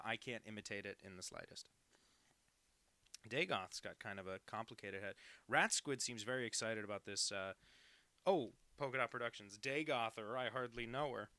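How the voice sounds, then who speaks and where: A young man hosts a live drawing stream, chatting loosely and poking fun at himself as he reads viewer messages aloud. His voice has a gravelly, fry-laden edge and a bright, forward tone. The sound is dry and close, with no room around it. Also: lowish voice, dry recording. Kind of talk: casual live-stream chat while drawing.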